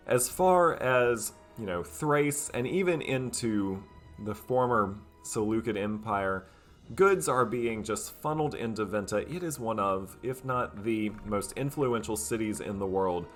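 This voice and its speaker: A man commentating his strategy game in character, musing and playfully boastful, with frequent hesitant fillers. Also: lowish voice. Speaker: gameplay commentator. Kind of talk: let's play commentary in role. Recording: faint music behind voice.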